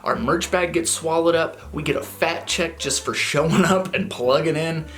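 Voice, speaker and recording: This man sings and plays guitar in a touring band, and he's telling a story to the camera in laid-back slang, animated and laughing along the way. His voice is a little high and moves at a normal speed.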